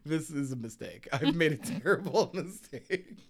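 A man's voice: a little high, expressive, normal speed, a little hiss or hum. A man hosting a home podcast in casual chat, rambling with fillers and frequent laughter. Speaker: podcast host. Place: home room with cats. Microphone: podcast mic at a mixer.

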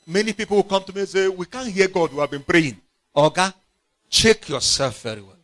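A man preaching a sermon, emphatic and repetitive, swinging from loud outbursts to quiet, low phrases. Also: a little fast. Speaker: pastor.

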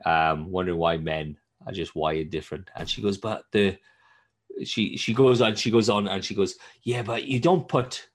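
A podcast co-host with a low-sitting voice tells animated stories in casual chat, swearing freely. He speaks at a normal speed.

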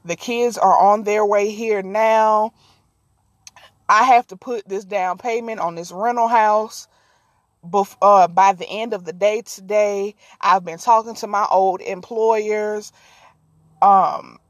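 A woman voicing a creepy, controlling young wife, speaking low and eerily calm. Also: no room sound, natural voice.

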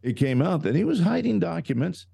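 A man's voice: fairly high pitch, a little fast, gravelly, husky. A man co-hosting a talk podcast, talking emphatically and often breaking off mid-phrase to restart. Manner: animated, emphatic, trails off and restarts. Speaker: podcast co-host. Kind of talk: casual talk show chat.

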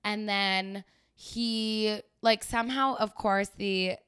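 A woman's voice: medium pitch, fairly even intonation, slow pace, a bit bright, clean tone. A young woman, hosting a podcast and telling a story casually, chatty and sarcastic, laughing often. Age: young adult. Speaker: podcast host.

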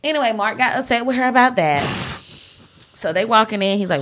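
A woman with a bright, forceful voice retells reality TV gossip in loose, slangy casual chat. She swears freely and acts out little snatches of the people she describes. Her tone is lively and conversational, not scripted. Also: on the high side, a little fast. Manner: animated storytelling with swearing and slang. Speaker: podcast co-host recapping reality TV.

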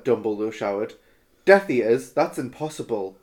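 Male podcast co-host, comic fan-fiction reader, mid-pitched, half-hearted voices. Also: expressive, a little slow. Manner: reads aloud, half-hearted character voices, laughs often. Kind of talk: comedic reading with banter.

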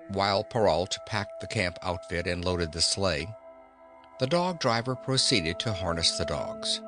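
A man narrating a classic novel as an audiobook reader, in slow, expressive storytelling. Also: sits low. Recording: narration over background music.

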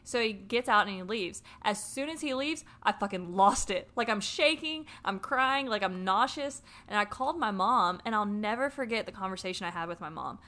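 A woman telling a personal story in a casual podcast chat, animated and swearing freely. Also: mid-range voice, moderate pace, few pauses.

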